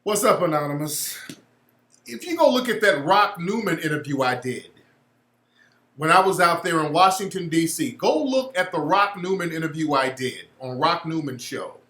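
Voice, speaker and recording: A man, hosting a casual livestream and telling blunt, profane, animated stories. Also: on the high side, normal speed, reverberant. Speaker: show host.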